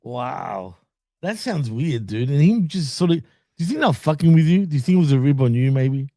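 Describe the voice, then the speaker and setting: A man's voice: mid-range voice, animated, normal speed, gravelly, warm tone, dry recording, clean studio sound. A man co-hosting a casual wrestling podcast, recapping episodes in a laid-back way, laughing often and swearing freely. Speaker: podcast co-host.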